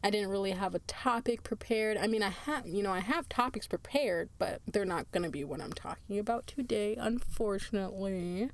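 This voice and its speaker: A woman's voice: mid-range voice, moderate pace, few pauses. A woman hosting her own podcast in casual solo chat, tired, chatty and laughing often, drifting into asides. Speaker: podcast host.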